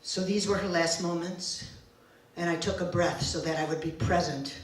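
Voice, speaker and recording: A woman in her forties telling a personal story live on stage, slow, deliberate and emotional in the first person. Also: on the low side. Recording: very echoey room, distant mic, faint ambience.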